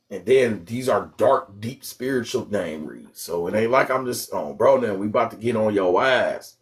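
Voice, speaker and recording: A man hosting a casual livestream, talking in an animated, profane, joking way that often bursts into yelling. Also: lowish voice, normal speed, hardly any pauses. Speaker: livestream host.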